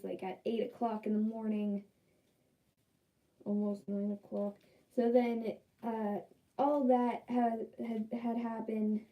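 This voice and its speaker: A woman's voice: fairly high pitch, dark tone, rough recording. A young woman chatting casually in a vlog, rambling and exasperated with lots of fillers. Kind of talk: casual vlog chat while dyeing hair.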